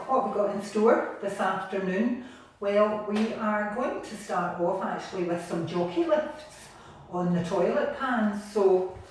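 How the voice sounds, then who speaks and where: A Scottish woman gently leading a home exercise class from her bathroom, encouraging and patient. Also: mid-range voice. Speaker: exercise instructor. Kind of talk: guided seated exercise class. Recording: echoey room, distant mic, faint noise.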